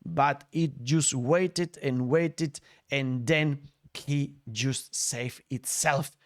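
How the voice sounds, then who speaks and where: A man's voice: medium pitch, drawn-out words. A man hosting a crypto news show, upbeat and jokey, with nonnative phrasing. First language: Spanish. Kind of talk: casual news commentary over clips.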